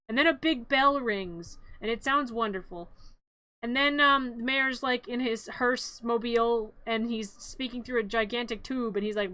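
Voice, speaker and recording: A woman's voice: a little high, normal speed, pushed and bright, dry recording. A woman streamer narrating a cartoon in a playful, rambling, giggly way, often correcting herself.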